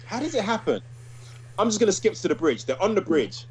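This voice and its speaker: A man's voice: high voice, fairly quick, slight background noise. A man, co-hosting a casual chat and acting out quoted lines as he talks. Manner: animated, acts out quoted lines from a cartoon. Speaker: podcast co-host.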